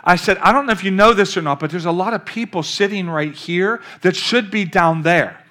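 Older male pastor, high bright voice, animated storytelling sermon. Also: fairly quick. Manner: storytelling, animated, calls out to the congregation.

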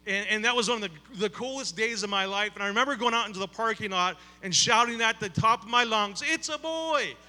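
A man's voice: high-pitched, fast, few pauses, bright, forceful tone, big-room sound. A man who is a campus pastor, giving a conversational sermon with an opening prayer, talking with many fillers and repeated words in a church sanctuary.

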